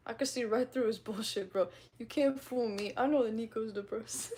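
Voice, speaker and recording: A woman's voice: a little high, normal speed, a little mellow, slightly rough. A young woman from the Midwest with a slight twang, chatting casually and reading viewer comments on a livestream, rambling and giggly with casual swearing.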